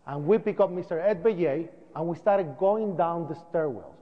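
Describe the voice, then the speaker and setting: Lively man telling a story to an audience, high voice, dull recording echoing in a hall. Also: moderate pace. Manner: animated storytelling, acts out sounds and voices. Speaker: speaker recounting events. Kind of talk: public talk to an audience. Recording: dull lo-fi sound, long hall reverb.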